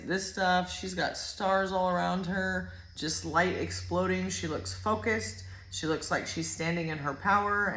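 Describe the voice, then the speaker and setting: A woman doing a casual spiritual oracle card reading, chatty and rambling, getting excited and swearing freely. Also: lowish voice, roomy sound.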